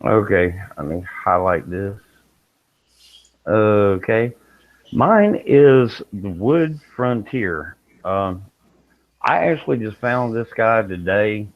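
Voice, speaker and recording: A man's voice: on the low side, lively intonation, takes it slowly, no room sound. A man on a panel, talking in a laid-back, plainspoken way during a casual chat. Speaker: panel member. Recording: tinny phone-like line.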